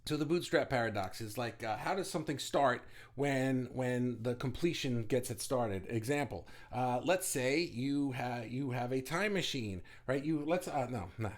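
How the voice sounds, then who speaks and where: Fast, rambling male livestream host. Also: medium pitch, expressive. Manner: rambling, chatty, with many restarts and swearing; talks fast. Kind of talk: casual livestream chat.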